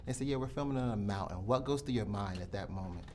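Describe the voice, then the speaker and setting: A man's voice: lowish voice, fast, a little mellow. A male interviewer asking questions in a playful, joking way. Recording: background noise.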